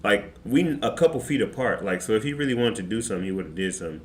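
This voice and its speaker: A man streamer telling a story in casual, slangy, animated fashion. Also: fairly low pitch, fast talker. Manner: animated, slangy, excitable retelling. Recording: roomy with faint background noise.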